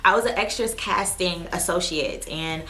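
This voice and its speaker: A woman's voice: on the low side, moderate pace, sharp tone, a little hiss or hum. A woman vlogger chatting to camera from her desk in a spontaneous, heartfelt way. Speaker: vlogger and aspiring actress. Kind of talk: casual chat to camera.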